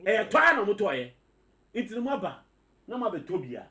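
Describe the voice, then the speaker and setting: Ghanaian man, radio panelist, high lively voice, insistent. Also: moderate pace. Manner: animated, insistent, mixes English, Pidgin and Twi. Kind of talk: heated radio debate.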